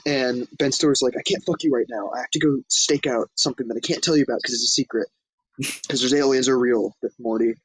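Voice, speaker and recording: A man with a slightly husky voice, recorded dry and close. He co-hosts a movie podcast and tells the story in a loose, profane, chatty way, jumping into quoted lines as he goes. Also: mid-range voice, steady tone, brisk, fairly bright tone, no room sound, poor audio. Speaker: podcast co-host. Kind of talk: casual movie recap chat.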